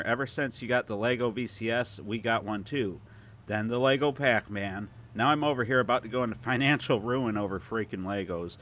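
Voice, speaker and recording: A man's voice: mid-range voice, brisk, fairly bright tone, slight background noise. A man with a Toledo, Ohio accent hosting a casual gameplay livestream, chatting loosely and reading viewer comments aloud. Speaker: livestream host.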